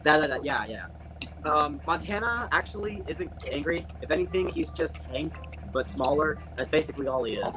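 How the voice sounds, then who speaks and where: Casting: young man, casual rambler, a bit high-pitched, lots of "like" and restarts. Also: expressive, normal speed, pushed and bright, soft background music, low-quality recording. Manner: rambling, many fillers and restarts. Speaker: channel host. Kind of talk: casual group call chat.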